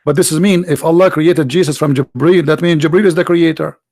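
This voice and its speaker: Hoarse gravelly guy running a live debate stream, mocking and taunting, dry close sound. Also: fairly high pitch, steady tone, a little fast, a little mellow, no room sound. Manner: mocking, taunting, full of rhetorical questions. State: hoarse, losing his voice. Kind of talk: combative religious polemic commentary.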